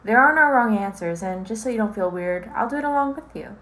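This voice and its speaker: A woman's voice: medium pitch, expressive, a little fast, fairly bright tone, close to an everyday voice. A woman playing an interviewer, speaking in a poised and lightly teasing way. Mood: polite. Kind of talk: amateur audio drama.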